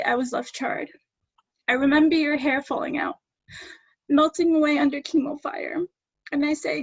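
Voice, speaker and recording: Woman poet reading, muffled lo-fi audio. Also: high-pitched. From Staten Island, New York. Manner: halting between poems, many fillers. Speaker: poet reading her work. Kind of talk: live online poetry reading. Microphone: video call.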